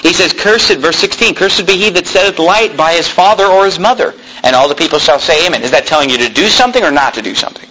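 Pastor guy yelling his sermon, high voice, sharp bright sound. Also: lively intonation, fast, few pauses, slight background noise, rough recording. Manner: loud, yelling preaching style. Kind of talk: fiery sermon. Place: church room without a sound system.

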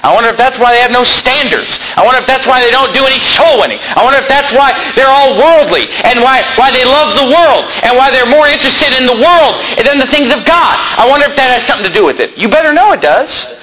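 A man's voice: very high voice, fast talker, few pauses, pushed and bright, slight background noise, poor audio. A man preaching a fiery sermon in a church, combative and sarcastic, quizzing the congregation. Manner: combative, sarcastic, asks the congregation for shows of hands.

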